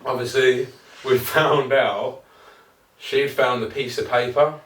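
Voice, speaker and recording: A man co-hosts a podcast at a slow pace, his mid-range voice keeping fairly even intonation. In casual conversation he tells meandering, sweary stories and laughs often, and the recording sounds roomy and distant with faint noise.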